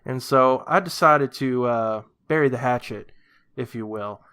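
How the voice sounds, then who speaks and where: A man co-hosting a comedy podcast in a flat, deadpan way, telling absurd tales with a steady stream of ums and uhs. His voice sits at an ordinary middle pitch. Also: a little slow, clean tone. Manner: deadpan, rambling, many fillers. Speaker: podcast co-host. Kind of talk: casual comedic chat. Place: lives in Brazil.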